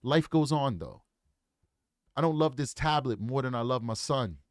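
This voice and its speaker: A man's voice: mid-range voice, lively intonation, normal speed, no room sound, studio quality. A man in his forties giving casual, earnest commentary, lecturing and often repeating his points. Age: 40s. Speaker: true crime commentator.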